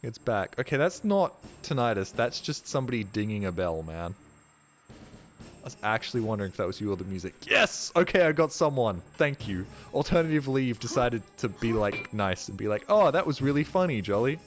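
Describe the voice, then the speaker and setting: A man's voice: fairly low pitch, expressive, a little fast. A man streaming a video game live, tired and rambling, joking and swearing as he plays. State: tired, ears ringing. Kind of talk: casual live gameplay commentary. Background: game music.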